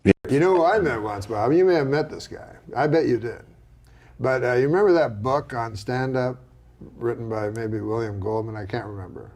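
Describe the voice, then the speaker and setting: A middle-aged man chatting casually, rambling in a deadpan way with many pauses. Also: medium pitch. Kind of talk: casual chat.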